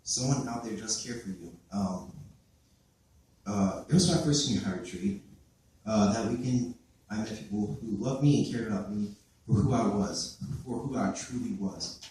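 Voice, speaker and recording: A man's voice: lowish voice, normal speed, warm tone, recorded from a distance, slight background noise. Teenage boy speaking in an echoey hall. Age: late teens. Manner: hesitant, many fillers and restarts. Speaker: youth giving a church testimony. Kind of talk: personal testimony speech. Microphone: far camera recorded by his father.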